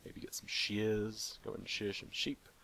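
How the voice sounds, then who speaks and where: A man's voice: fairly low pitch, completely flat delivery, unhurried, vocal fry, noisy background. A young man hosting a let's play, rambling playfully and joking with the animals in the game. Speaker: gaming channel host.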